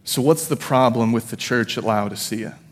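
A man's voice: mid-range voice, moderate pace. A man in his thirties, a pastor preaching a sermon in a church, telling a personal story in a conversational way with self-deprecating asides. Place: church sanctuary. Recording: long hall reverb.

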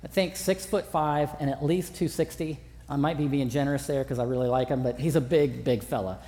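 A man's voice: mid-range voice, steady tone, brisk, mellow. A man preaching a sermon as pastor in a large church auditorium, conversational with self-deprecating humor. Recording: long hall reverb.

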